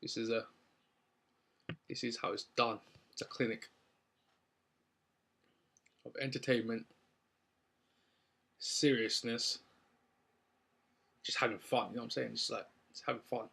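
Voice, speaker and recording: A man's voice: mid-range voice, fairly even intonation, unhurried, gravelly, long pauses, pushed and bright. A young man from London with a London accent, casually recapping a wrestling show with lots of ums and likes. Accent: London English. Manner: rambling, upbeat, many ums and likes.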